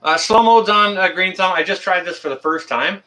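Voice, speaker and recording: A man's voice: sits high, moderate pace, pushed and bright. A man from Canada hosting a casual livestream, greeting viewers one by one in a friendly, chatty way with many ums and uhs. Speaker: livestream host.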